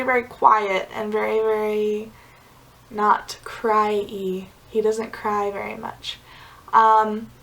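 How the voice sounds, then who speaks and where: A woman's voice: fairly high pitch, fairly bright tone, low-quality recording. A young woman vlogger telling a personal story in a casual, chatty way, full of "like" fillers and small laughs. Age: young adult. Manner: chatty, many "like" fillers, giggly asides.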